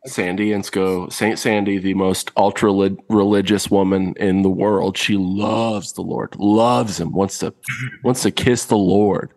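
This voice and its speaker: A man in his late twenties hosting a podcast, telling stories in casual chat in a wry, deadpan way with short laughs. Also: sits low, unhurried, in a large hall. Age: late 20s. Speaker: podcast host.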